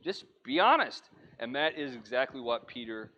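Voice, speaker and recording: A man's voice: mid-range voice, sing-song, normal speed, bright, forceful tone, highs cut off. A man giving an earnest, conversational sermon lesson to a church congregation. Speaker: preacher. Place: church auditorium.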